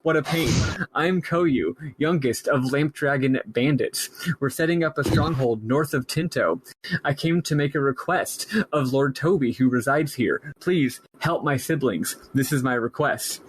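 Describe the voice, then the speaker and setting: A man's voice: mid-range voice, unhurried, slightly rough, no room sound, rough recording. A man voicing a young male bandit, the youngest brother, who talks in a scattered, forgetful, earnest way. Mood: flustered.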